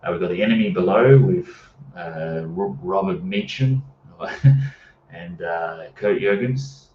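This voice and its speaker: A man's voice: deep voice, measured pace. A man hosting a live stream, chatting casually about movies with lots of fillers and reading out chat messages. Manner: rambling, many fillers, reads live chat. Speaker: livestream host. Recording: roomy, distant, dull with faint hiss.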